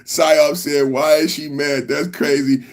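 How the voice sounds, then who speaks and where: A man hosting a podcast, giving casual commentary in an animated, incredulous way. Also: fairly high pitch, slow. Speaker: podcast host.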